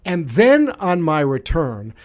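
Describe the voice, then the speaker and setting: A man's voice: a little high, wildly swooping pitch, slow, a little mellow. A man hosting a talk radio show, telling stories in a casual, sarcastic, joking way. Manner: sarcastic, jokey storytelling.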